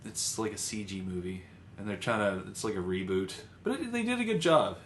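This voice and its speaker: A man co-hosting a casual podcast, halting and hesitant, with many "uh"s. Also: lowish voice, expressive. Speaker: podcast co-host. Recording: echoey room with faint noise.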